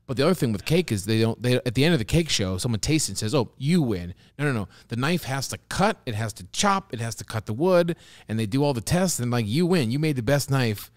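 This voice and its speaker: Man co-host, casual chat, lively pitch, jokey. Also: quick pace. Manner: animated, storytelling, jokey. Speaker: podcast co-host.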